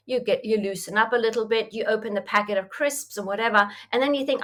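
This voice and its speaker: A woman's voice: fairly high pitch, brisk, fairly bright tone. Reflective woman coach in conversation. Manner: reflective, acts out inner voices in quotes, frequent "you know". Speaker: mindfulness coach, podcast guest. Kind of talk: conversational interview answer.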